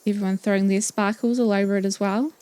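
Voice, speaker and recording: A woman's voice: medium pitch, steady tone, quick pace, dark tone, a little hiss or hum. A woman with a New Zealand accent giving chatty, playful commentary while playing a video game. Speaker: let's play host. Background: game music.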